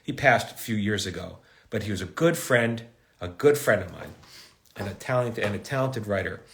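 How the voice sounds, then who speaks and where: A man's voice: lowish voice, animated, gravelly. Chatty man answering live questions. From United States. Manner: chatty, joking, reads viewer questions aloud; slips into halting learner's Italian. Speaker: showrunner hosting a live Q&A. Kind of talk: casual live-stream Q&A.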